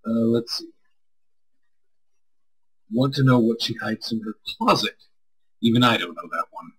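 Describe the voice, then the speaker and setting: A man's voice: mid-range voice, sing-song, measured pace, a bit bright, breathy edge, rough recording. A man co-hosting a live stream, answering chat in a loose, rambling way and swearing freely. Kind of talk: casual chat.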